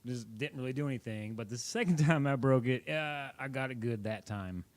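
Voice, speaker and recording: A man's voice: mid-range voice, brisk, no room sound. A young man vlogging, casually telling a personal story in a rambling, self-correcting way.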